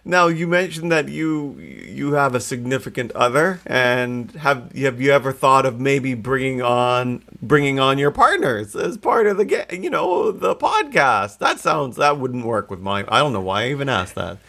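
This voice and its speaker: A man talks as a podcast guest, with a voice that swings up and down a lot. He is playful and teasing, and his pitch sits in an ordinary middle range. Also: big pitch swings, normal speed, creaky, hardly any pauses, pushed and bright. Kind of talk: casual chat.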